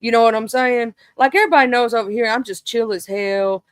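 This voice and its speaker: A woman hosting a casual livestream gossip chat, animated and talkative, breaking into sudden high exclamations. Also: a little fast, clean tone, dry recording. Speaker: livestream host.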